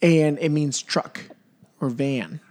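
A man hosts a casual podcast, his voice sitting a little high. He laughs often and tells stories with animation. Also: slow, darkish tone. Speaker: podcast host. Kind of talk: casual chat.

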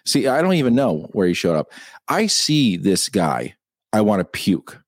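Animated ranting man, dry close mic. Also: fairly low pitch, normal speed, no echo. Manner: profane, ranting. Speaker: co-host. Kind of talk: casual live-stream chat.

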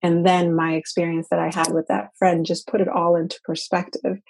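Woman, mother; dark, slightly breathy tone; earnest, halting personal talk. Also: fairly low pitch, flat delivery. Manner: earnest, halting, repeats words. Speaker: mother sharing personal story.

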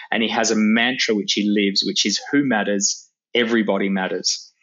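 A man's voice: fairly low pitch, fairly bright tone, highs cut off. A man, a leadership coach, talks earnestly as a podcast guest with frequent fillers and restarts. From Australia. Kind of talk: podcast interview.

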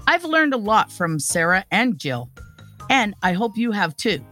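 A woman hosting a podcast, chatting with a guest and reading the show's outro in an upbeat, lively way. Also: medium pitch, unhurried, loud music behind the voice. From Canada. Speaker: podcast host.

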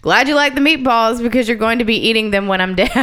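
Smooth-voiced woman reading stories aloud. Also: on the high side, a bit bright. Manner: laughs often, reads stories aloud. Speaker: podcast co-host. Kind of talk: casual chat and reading listener stories.

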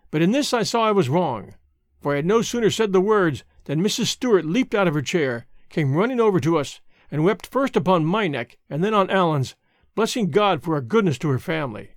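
A man's voice: high voice, sing-song, a little fast, no room sound, studio quality. Man reading a novel aloud. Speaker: audiobook narrator.

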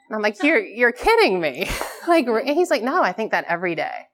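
On a conference stage before a live audience, a woman in her thirties gives a talk in a fairly high, sing-song voice at a fairly quick clip. She's candid and self-deprecating, often laughing at herself.

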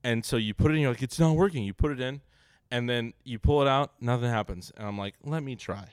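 Man, podcast co-host, teasing, acts out quotes, mid pitch, dry sound. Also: fast, smooth, no room sound. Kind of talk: casual banter.

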